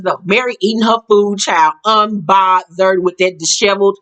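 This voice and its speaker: A woman casually recapping a reality show episode, animated and slangy, laughing and acting out the quotes. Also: normal speed. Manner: animated, laughing, acts out quotes in a higher pitch; slangy and profane, says child and girl.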